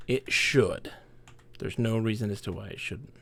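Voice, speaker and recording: A man's voice: fairly low pitch, a little slow, gravelly, a bit bright. A man live-streaming a game, chatting casually and muttering to himself in mild exasperation. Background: game music.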